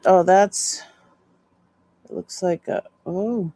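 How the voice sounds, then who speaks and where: A woman with a fairly low voice talks slowly and loosely on a live stream, drifting between thoughts with lots of ums. She sounds sleepy and unhurried. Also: a little mellow, dry recording. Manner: chatty, rambling, trails off with fillers. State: sleepy, yawning. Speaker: jewelry seller on a live stream. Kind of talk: casual live-stream chat.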